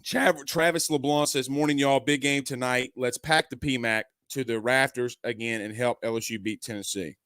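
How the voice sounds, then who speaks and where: A man's voice: mid-range voice, steady tone, moderate pace, hardly any pauses, a bit bright, clear, resonant tone, dry recording, studio quality. A man hosting a live sports talk show, chatting loosely with lots of fillers and restarts.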